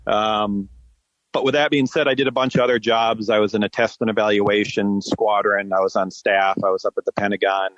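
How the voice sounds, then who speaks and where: A man's voice: fairly low pitch, steady tone, fairly quick, a bit bright, no room sound, muffled recording. A man in his forties, a podcast guest, telling his story in a plain conversational way with frequent fillers. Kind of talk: conversational interview answers.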